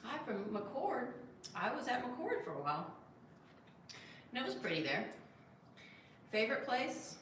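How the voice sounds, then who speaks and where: A woman's voice: on the high side, sing-song, measured pace, long pauses, fairly bright tone, slight background noise. Chatty woman livestreaming in an echoey room. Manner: chatty, reads viewer comments aloud and coos at her cat. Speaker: livestream host. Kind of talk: casual livestream chat. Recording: very echoey room, distant mic, faint ambience.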